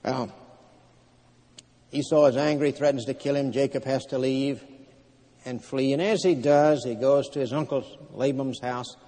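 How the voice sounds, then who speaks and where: A man preaching a sermon, retelling scripture in a plain storytelling way with frequent pauses and fillers. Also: medium pitch, warm tone. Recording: long hall reverb.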